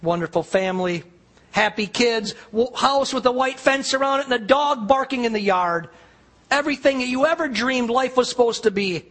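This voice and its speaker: A man preaching a sermon, retelling a story vividly and dropping to a near hush on the quiet lines. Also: extremely high pitch, normal speed. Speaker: pastor.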